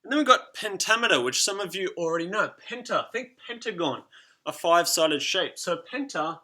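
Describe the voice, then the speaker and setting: A man's voice: sits high, animated, moderate pace, sharp tone. A young man teaching a class in a chatty, teasing way, tapping out rhythms as he explains. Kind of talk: classroom lesson video.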